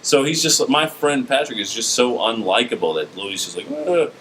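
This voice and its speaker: A man co-hosting a podcast, talking in a loose and rambling way and dropping quiet on his asides. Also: mid-range voice, expressive, a little fast, slight background noise, rough recording. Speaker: podcast co-host. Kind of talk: casual podcast chat.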